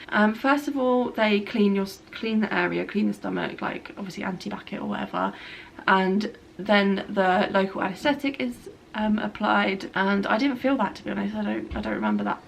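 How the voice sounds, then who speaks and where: Young woman, casual vlogger at home. Gravelly fry, chatty and loose, lots of "like" fillers. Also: medium pitch, a little hiss or hum. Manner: chatty and rambling, with frequent filler words. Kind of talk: casual spoken update. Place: at home, by a bed.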